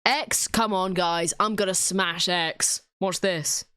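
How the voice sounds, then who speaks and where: A woman's voice: fairly low pitch, steady tone, slow pace, sharp tone, clear, resonant tone, dry recording, studio quality. A young British woman at home giving casual, self-mocking commentary while she draws, thinking aloud and giggling. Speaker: drawing video creator.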